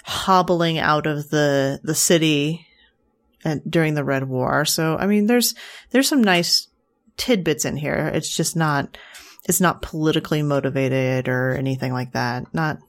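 A woman co-hosting a casual podcast, playful and quick with jokes. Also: low voice. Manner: playful, quick to quip and tease. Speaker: podcast co-host.

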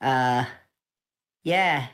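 A woman's voice: a bass voice, very slow, fairly bright tone. A woman moderator introducing herself in a jokey put-on voice, rambling a bit. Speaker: moderator and player.

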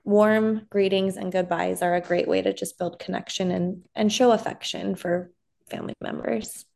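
A woman therapist in her thirties, a guest on a podcast. She talks calmly and gently in an easy, conversational tone. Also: medium pitch, normal speed, creaky. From Southern California. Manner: calm and gentle. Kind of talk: casual interview chat.

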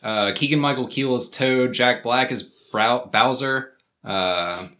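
A man co-hosting a casual podcast who calmly fills in the details. His voice is bright and clear-edged. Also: mid-range voice, takes it slowly. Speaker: podcast co-host. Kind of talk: casual chat.

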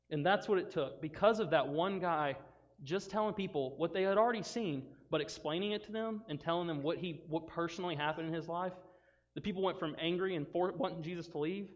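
A man gives a casual, animated youth sermon, acting out the voices of friends and Bible characters. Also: on the high side, brisk. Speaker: youth pastor. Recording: dull sound with long reverb in a hall.

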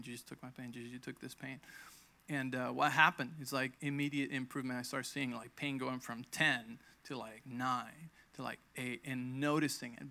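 A man in his thirties gives a conversational sermon that doubles as personal testimony, recounting his own healing and acting out quoted lines with emphasis. His mid-range voice carries a sharp tone.

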